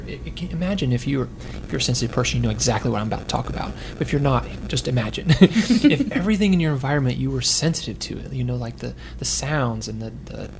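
A man's voice: medium pitch, a little mellow, slight background noise. A man telling a parenting story, acting out quotes and often laughing, in a casual conversation. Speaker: parent sharing advice. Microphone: close to the microphone.

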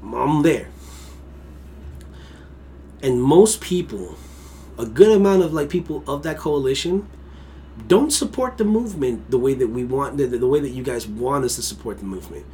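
A man's voice: mid-range voice, lively intonation, normal speed, long pauses, dark tone, slight background noise. A man of Mexican heritage co-hosting a casual podcast. He rants in a heated, emphatic and profane way. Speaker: podcast co-host.

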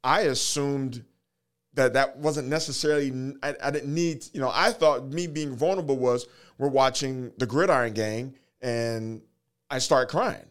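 A man in his forties telling a personal story earnestly, in halting phrases, holding back tears. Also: medium pitch. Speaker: guest, fatherhood program worker.

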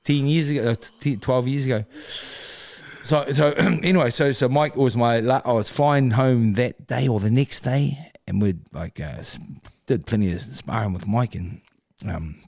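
A man's voice: medium pitch, a little slow, gravelly, a little mellow, no echo. A man with a New Zealand accent tells stories at an easy, laid-back pace, swears freely, and laughs between lines. His voice sits in a middle range. The recording is dry and close, with no room sound. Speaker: podcast guest, former boxer. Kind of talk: casual interview storytelling.

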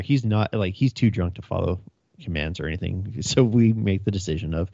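Low-voiced cop telling a profane story. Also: male voice, fast talker, creaky, warm tone, dry recording, dull audio. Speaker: police officer. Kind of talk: casual storytelling chat.

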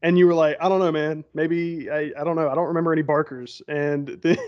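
A man with a fairly high voice joins in on a casual film chat, laughing a lot and reading his own notes aloud. The sound is dull and lo-fi, with the highs muffled. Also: level tone, brisk. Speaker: podcast co-host.

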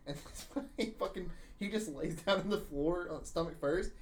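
A young man on a podcast telling a story in casual chat, animated, swearing freely and laughing through it. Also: high voice, normal speed. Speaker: podcast co-host.

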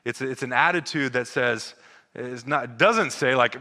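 Earnest pastor preaching in a reverberant hall. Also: male voice, mid-range voice, a little slow. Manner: earnest, repeats words, drops to soft intimate tone. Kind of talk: sermon.

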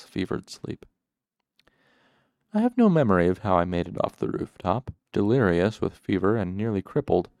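A man reading a novel aloud as first-person narration, in a measured, even storytelling manner. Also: on the low side, gravelly, dry recording, clean studio sound. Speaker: audiobook narrator.

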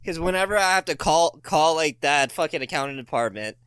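A man's voice: fairly high pitch, lively intonation, a little fast, fairly bright tone, smooth, no echo. A man talking as a podcast guest in casual chat, ranting crudely and laughing often.

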